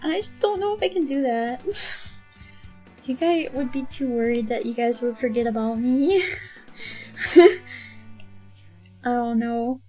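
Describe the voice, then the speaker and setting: Chatty female streamer, casual and rambling, pitched a bit high, soft music in the background. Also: animated, a little slow, pauses often. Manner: chatty, rambling, many fillers and laughs. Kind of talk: casual chat with chat while drawing.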